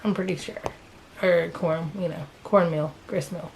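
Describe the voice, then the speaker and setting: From a chair at home, a hiccuping Southern woman chats about her cross-stitch progress, drifting a bit and correcting herself along the way. Her lowish voice is steady, unhurried, gravelly, and darkish, and there's slight background noise.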